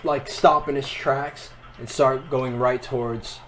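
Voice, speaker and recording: A man running a tabletop game as game master, narrating the action in a loose, animated way with bursts of excited whoops. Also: medium pitch, slow.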